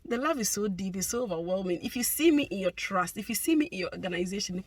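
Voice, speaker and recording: A woman's voice: medium pitch, animated, fast talker, hardly any pauses, breathy edge, no room sound. A young adult woman, a healthcare worker, chatting casually to her vlog viewers, effusive and laughing often.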